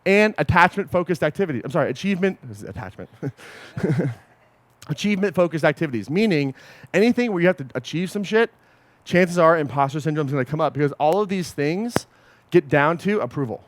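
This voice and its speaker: A man coaching a group in a casual, animated way, swearing often and checking in with his listeners. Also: a little high, fairly quick, no echo. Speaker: podcast host and coach.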